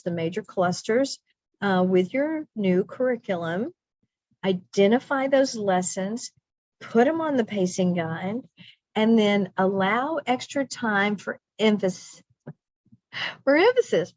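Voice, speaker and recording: A woman's voice: mid-range voice, a little mellow, no room sound. Chatty woman teacher trainer, dull dry audio. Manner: chatty, repeats phrases for emphasis. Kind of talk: professional development lesson.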